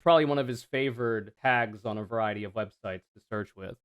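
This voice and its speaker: A man streaming a reaction to another video, talking casually with sarcastic, animated commentary and free swearing. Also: lowish voice, brisk, clean tone.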